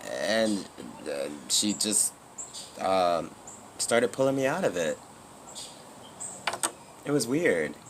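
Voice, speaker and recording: Deep-voiced man rambling candidly to camera. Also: sing-song, slow pace, long pauses, slight background noise. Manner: rambling, candid, many fillers and restarts. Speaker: YouTuber. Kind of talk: casual personal vlog.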